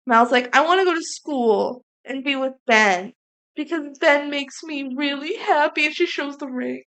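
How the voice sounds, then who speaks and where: A woman co-hosting a podcast, chatting casually and acting out bits of dialogue as she recaps a movie. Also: high-pitched. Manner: animated, acts out character lines in quick impressions. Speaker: podcast co-host.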